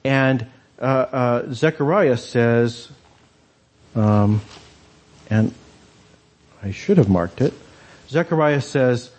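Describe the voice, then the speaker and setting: Husky man preaching a sermon. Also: mid-range voice, darkish tone. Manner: conversational, asks many rhetorical questions.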